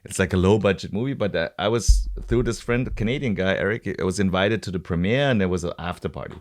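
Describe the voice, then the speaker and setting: Chatting casually on his podcast, a man around forty from Stuttgart, Germany, rambles through a story packed with fillers and restarts in a German accent. He talks fast in a low-pitched voice.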